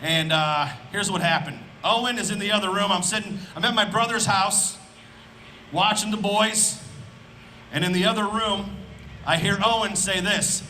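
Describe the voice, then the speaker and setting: A man from Indiana works an outdoor festival crowd with a stand-up set, his voice pitched high and bright with a forceful edge. He talks loud and animated, throwing some punchlines out as shouts into a handheld stage mic. Faint outdoor ambience sits behind him. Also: moderate pace, slight background noise, poor audio. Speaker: stand-up comedian.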